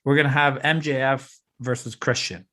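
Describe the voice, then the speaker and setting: A man co-hosting a casual podcast chat, excitedly walking through his plans step by step and teasing his co-host. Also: medium pitch, normal speed. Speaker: podcast co-host booking a fantasy wrestling show.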